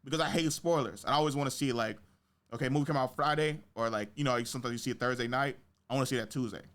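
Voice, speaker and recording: A man hosting a podcast, telling stories in casual chat, slangy and swearing, acting out quotes with big jumps in his voice. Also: very fast. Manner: animated storytelling, acts out quotes with big pitch jumps. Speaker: podcast host.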